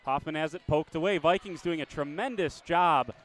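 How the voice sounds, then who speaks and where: A man calling a high school basketball game play-by-play, chatty and quick to correct himself with a small laugh. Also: a little hiss or hum. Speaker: play-by-play announcer.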